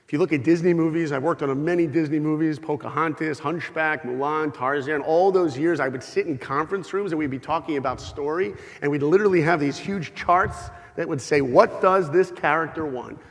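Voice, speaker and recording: A man's voice: on the high side, fairly quick, hardly any pauses. A middle-aged man giving a humorous, storytelling talk to a live audience, acting out bits of dialogue as he goes. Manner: animated, humorous, acts out dialogue. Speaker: speaker giving an inspirational talk. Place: large hall with an audience. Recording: long hall reverb.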